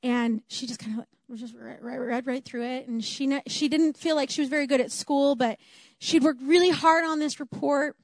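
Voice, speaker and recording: A woman's voice: high-pitched, fairly even intonation, moderate pace, no room sound, clean studio sound. A woman preaching a sermon in an earnest, emphatic way, repeating her key phrases for weight.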